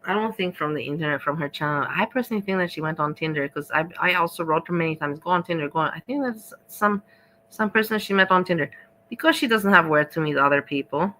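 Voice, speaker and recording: A woman hosting a livestream, reacting in casual chat, blunt and chatty with frequent swearing and halting restarts. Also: deep voice, pushed and bright, a little hiss or hum, rough recording. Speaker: livestream host.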